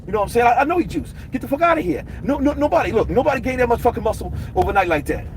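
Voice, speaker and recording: A man doing an impression of a brash, hot-tempered heavyweight boxer who yells profane taunts and swaggering boasts. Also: very high voice, expressive, rapid-fire, slight background noise, pitched above the performer's own voice. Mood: taunting.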